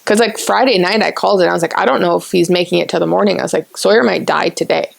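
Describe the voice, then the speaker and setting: A woman's voice: on the low side, fast, vocal fry. A woman in her twenties hosting a podcast, telling a story at length in casual chat. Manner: talkative, rambling storyteller. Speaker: podcast host.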